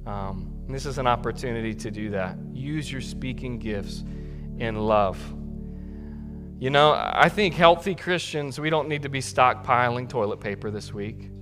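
A man's voice: medium pitch, lively intonation, normal speed, in a large hall, music in the background. A male pastor preaching a sermon in a conversational way that builds to emphatic peaks. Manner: conversational, warm asides, rising to emphatic peaks.

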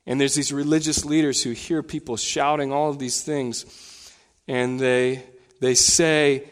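A man preaching a sermon as pastor in a church, animated, his voice climbing higher and louder when he retells scenes. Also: moderate pace, long reverb tail. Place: church sanctuary.

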